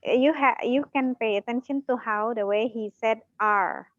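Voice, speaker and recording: Animated Indonesian woman, dull dry recording. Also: a little high, a little slow, no room sound. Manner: animated, mixes English and Indonesian, laughs often. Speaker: English teacher co-host. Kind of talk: casual bilingual chat.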